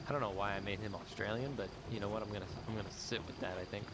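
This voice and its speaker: A man's voice: on the low side, steady tone, very fast, hardly any pauses, very noisy. Man rambling through a game. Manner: rambling, talks to himself. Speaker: gamer playing and reading aloud. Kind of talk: casual gaming commentary.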